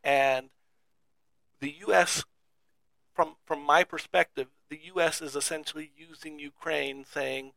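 A man co-hosting a podcast in casual chat, with a fairly high voice that is gravelly and bright. He rambles in a skeptical way and restarts his sentences often. The sound is dry and close. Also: steady tone, unhurried, no echo. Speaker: podcast co-host.

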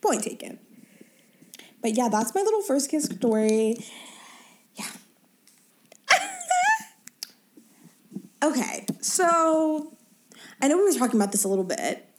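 A woman's voice: sits high, sing-song, normal speed, long pauses, a little mellow, a little hiss or hum. A young woman co-hosting a podcast, telling a story in casual chat with lots of laughing. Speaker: podcast co-host.

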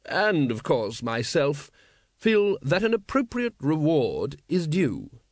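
A man voicing a cool, aristocratic male city ruler who speaks slowly with a smooth, polite drawl. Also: on the high side, wildly swooping pitch, no echo, studio quality, pitched above the performer's own voice, full character voice.

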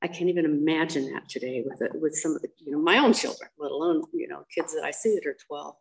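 An older woman with a gravelly, fried edge to her voice and a lowish pitch. She is blunt and candid, telling her life story in an interview, dotted with ums and acted-out quotes. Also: fast, rough recording.

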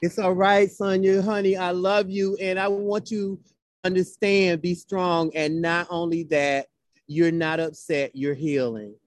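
This interview guest is a Florida poet whose high-sitting voice comes across flat and a little slow. He talks heartfelt and conversationally, with a repetitive, rhythmic, preacher-style cadence.

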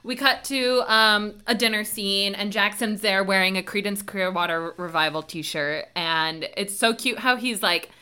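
Bright-voiced woman recapping a show. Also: medium pitch, a little slow, hardly any pauses, smooth. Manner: animated, acts out lines from scenes. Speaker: podcast co-host. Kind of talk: casual TV recap chat.

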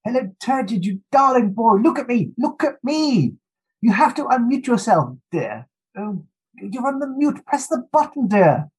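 A man's voice: extremely high pitch, sing-song, normal speed, husky, heavily acted, low-quality recording. A man putting on a posh old eccentric. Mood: fussing. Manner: plummy, fussing, affectionate. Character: posh, eccentric, lecherous older gentleman. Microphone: video call.

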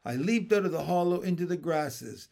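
A man reading a children's storybook aloud with expressive storytelling. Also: a little high, moderate pace, creaky.

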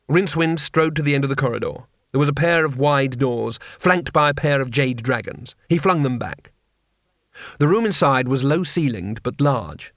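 A man's voice: medium pitch, fairly bright tone, no echo. Dry, wry male audiobook narrator. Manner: wry, brisk comic storytelling. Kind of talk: scripted narration.

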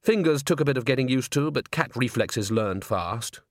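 A man narrating a comic fantasy audiobook in a measured, even storytelling manner. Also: mid-range voice, no room sound, studio quality. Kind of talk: scripted narration.

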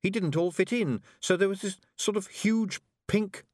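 A man's voice: high voice, normal speed, a little mellow, no room sound, clean studio sound, pitched above the performer's own voice, close to an everyday voice. A man voicing a timid, earnest young girl who is an apprentice witch, mumbling at times. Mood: unsure.

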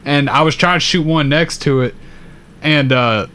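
A man's voice: on the high side, normal speed, bright, forceful tone, smooth. A man co-hosting a podcast in casual chat, telling stories in a laid-back, profane way with frequent laughs. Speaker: podcast co-host.

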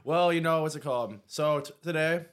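A man's voice: on the high side, fairly quick, a bit bright, clear, resonant tone. A young man as a podcast guest, chatting casually with enthusiastic, hyped-up energy. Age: young adult. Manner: hype, enthusiastic, laughing. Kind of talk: casual chat.

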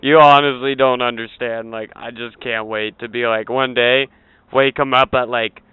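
A man's voice: medium pitch, fairly even intonation, moderate pace, clean tone. Crude joking man, narrow phone-like sound. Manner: crude, joking, acts out loud shouted voices in bits. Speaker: podcast host. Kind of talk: casual podcast banter.

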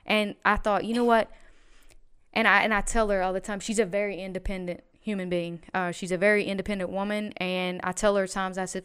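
A woman's voice: mid-range voice, fairly even intonation, brisk, fairly bright tone, clear, resonant tone. A woman chatting as a podcast guest, telling a personal story in a rambling, emphatic way with many restarts. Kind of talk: casual podcast chat.

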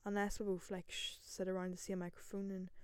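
A young Northern Irish woman hosting a podcast, telling a story in a lively, self-mocking way, full of rambling asides, into a single microphone. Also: mid-range voice, a little fast, clear, resonant tone, no echo, studio quality. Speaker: podcast host. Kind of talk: casual solo storytelling.

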